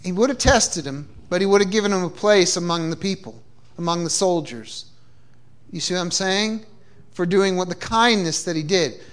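A man's voice: high-pitched, moderate pace. A man preaching a sermon with call-and-response cues and frequent repeated restarts, from New England. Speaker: pastor. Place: church.

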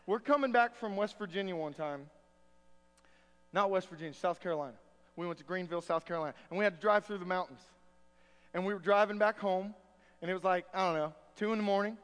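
High-voiced man preaching in a reverberant church. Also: fast talker, a bit bright, clear, resonant tone. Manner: folksy, conversational preaching with storytelling. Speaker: pastor. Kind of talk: sermon. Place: church sanctuary.

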